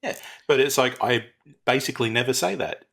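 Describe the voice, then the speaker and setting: A man chatting casually as podcast co-host, relaxed and wry. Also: medium pitch, a little fast, creaky, husky. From Australia. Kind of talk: casual chat.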